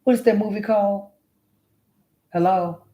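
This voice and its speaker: A flamboyant man retelling a film in a loose, chatty monologue, with a voice on the higher side for a man. He rambles, restarts and swears freely, and keeps calling his listener honey and child. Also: fairly even intonation, normal speed, warm tone. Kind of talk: casual storytelling monologue.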